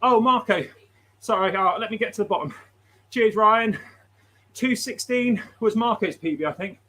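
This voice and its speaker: A man's voice: high-pitched, moderate pace, sharp tone. A man hosting a livestream, chatting casually, laughing often and reading out viewer messages. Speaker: livestream host.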